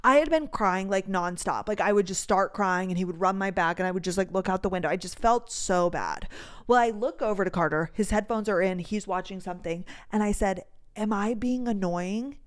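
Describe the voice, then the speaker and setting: A young woman from North Dakota hosting a casual solo podcast, telling stories with animated energy, acting out dialogue and swearing freely. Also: mid-range voice, a little fast, clean tone. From North Dakota, USA. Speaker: podcast host.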